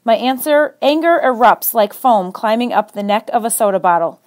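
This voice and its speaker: High-voiced woman reading a story aloud. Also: lively intonation, moderate pace, few pauses, a little mellow. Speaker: reader on a radio book show. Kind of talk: reading a children's novel aloud.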